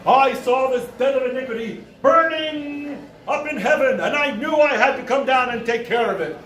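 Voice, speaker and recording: A wild-eyed stranger, as a storyteller puts him on, announcing himself as a heavenly rescuer in slow, grandiose proclamations. The voice rides high and loud. It is heard from a distance in a roomy space. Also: male voice. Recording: roomy live sound from far off.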